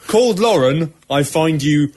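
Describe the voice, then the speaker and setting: A man's voice: a little high, expressive, a little slow, darkish tone. A man co-hosting a podcast, joking in a sweary, mock-outraged way. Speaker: podcast co-host. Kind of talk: casual comedy chat.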